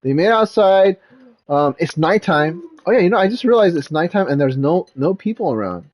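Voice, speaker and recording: A man's voice: a little high, lively intonation, a little fast, darkish tone. A man talking casually as a dad vlogger, retelling a movie in a rambling way, full of fillers like "like" and "um.".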